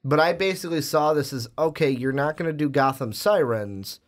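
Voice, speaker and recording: A man's voice: on the high side, fairly quick. A young man co-hosting a casual podcast, talking at length with many restarts before landing on pointed questions. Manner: rambling, restarts and fillers, builds up to pointed questions. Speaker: podcast co-host. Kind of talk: casual movie chat.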